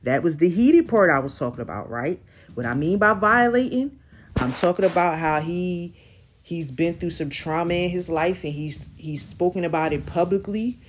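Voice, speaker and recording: A woman's voice: on the low side, lively intonation, moderate pace, slight background noise. A woman hosting a podcast in casual chat, recapping an interview in slangy talk and often checking in with her listeners. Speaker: podcast host.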